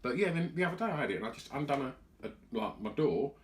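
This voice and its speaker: A man's voice: medium pitch, lively intonation, fast talker, a little hiss or hum. A man co-hosting a podcast, telling a story in rambling casual chat. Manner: rambling storytelling, acts out quotes. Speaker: podcast co-host.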